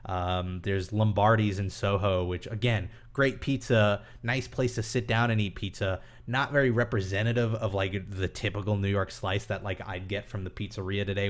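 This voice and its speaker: A young man with a fairly low voice chats casually through a live Q&A stream. He reads viewer questions aloud and rambles as he answers, thinking out loud and filling his pauses with ums and uhs.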